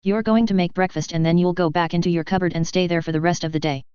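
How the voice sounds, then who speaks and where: A harsh, commanding aunt who scolds in short orders, as a woman reads her. The delivery is crisp and very clear. The recording is dry and a little dull. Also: lowish voice, fairly even intonation, fast, a little mellow, no room sound, natural voice. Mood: scolding. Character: shrill, harsh, bossy tall aunt.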